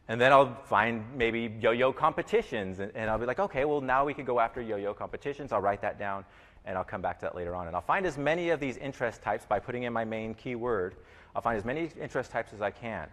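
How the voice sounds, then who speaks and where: A man teaches in a loose, conversational way, circling back and stumbling over his phrasing. His voice sits at an ordinary pitch for a man. The recording rings with the long reverb of a big echoey room. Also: fairly bright tone. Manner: rambling, repeats himself, many fillers and restarts. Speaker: e-commerce teacher. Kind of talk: informal teaching talk.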